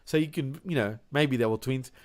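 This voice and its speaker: A man's voice: mid-range voice, brisk. A man co-hosting a crude, casual podcast chat, laughing often and saying "bro" a lot. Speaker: podcast co-host.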